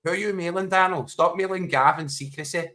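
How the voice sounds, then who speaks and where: A man's voice: high voice, a little fast, sharp tone. A man co-hosting a football watchalong livestream, teasing his co-host with laughter and casual chat.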